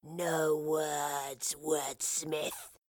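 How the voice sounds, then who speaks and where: A woman voicing a hissing, inhuman male wraith creature in an audiobook, speaking low and slow in a menacing whisper. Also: flat delivery, no echo, studio quality, heavily acted.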